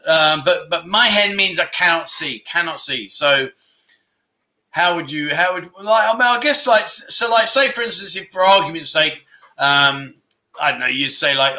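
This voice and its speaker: Bright, teasing male livestream host. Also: fairly high pitch, normal speed. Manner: teasing, playful, excitable. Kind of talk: casual live chat, reading viewer comments. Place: Pattaya, Thailand.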